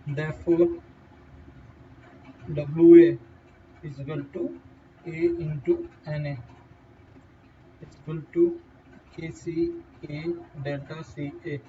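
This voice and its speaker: A man with an Indian English accent giving a halting whiteboard lecture, with fillers and restarts. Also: a little high, level tone, dark tone. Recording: distant, dull lo-fi mic with faint noise.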